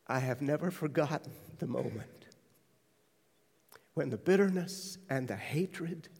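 A man preaching a sermon, telling his testimony with hushed, tender stretches and sudden loud quoted voices. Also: fairly high pitch, expressive, a little slow, creaky, slightly rough. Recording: large hall reverb.

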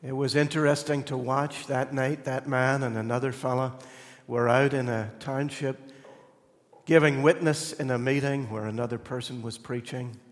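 A man's voice: medium pitch, fairly even intonation, moderate pace, big-room sound. A male pastor preaching a sermon in a conversational, storytelling way, earnest and reflective.

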